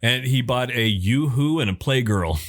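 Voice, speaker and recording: Man, podcast co-host, lively swoops in pitch, chatty storyteller. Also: moderate pace, a little hiss or hum. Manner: lively storyteller, laughs often. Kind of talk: casual chat, storytelling.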